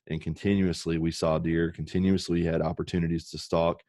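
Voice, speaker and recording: Podcast guest, male, very low voice, earnest and emotional storyteller, dry close mic. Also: flat delivery, brisk, mellow, dry recording. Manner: earnest, emotional, swears casually.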